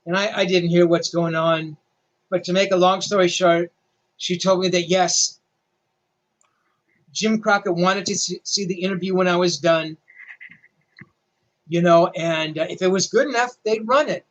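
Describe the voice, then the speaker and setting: A man's voice: high-pitched, fairly even intonation, measured pace, pauses often, fairly bright tone, muffled recording. An older male rock journalist telling a story animatedly, with self-deprecating humor. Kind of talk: storytelling interview.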